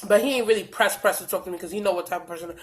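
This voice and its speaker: This young vlogger rattles off a storytime at a rapid-fire pace in a mid-range voice, blunt and profane, animatedly replaying conversations. She's a little stuffy from allergies.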